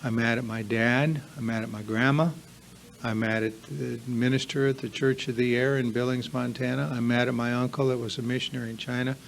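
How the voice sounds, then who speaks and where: A man's voice: mid-range voice, flat delivery, brisk, creaky, a little hiss or hum. A man giving a confessional recovery workshop talk to a live group, earnest and emphatic, piling up repeated lists. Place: meeting room with a live audience.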